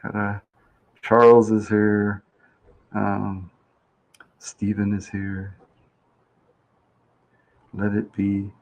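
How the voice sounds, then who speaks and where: A man hosting a game show live stream speaks extremely slowly in a lowish, monotone, slightly mellow voice with vocal fry, pausing often. He chats and rambles casually, reads viewer comments aloud, and plays around with pronunciations.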